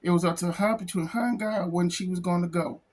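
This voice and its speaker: A man who is a comic book artist, talking in an emotional personal vlog, close to tears, halting and repeating himself. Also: sits high, steady tone, a little mellow. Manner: halting, repeats phrases, says "man" a lot. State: tearful, close to crying.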